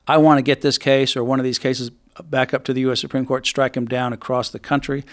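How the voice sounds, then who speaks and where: A man's voice: mid-range voice, little pitch movement, fairly quick. A man hosting a radio talk show, speaking in an emphatic, indignant conversational way.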